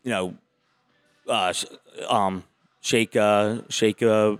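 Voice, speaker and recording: A low-voiced man tells stories as a podcast guest. He runs a gym and talks in an easygoing, wandering way. The sound is dry and close to the mic. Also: slow, smooth, no echo, faint music behind. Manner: relaxed, rambling storyteller. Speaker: gym owner and trainer, guest. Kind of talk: casual interview chat.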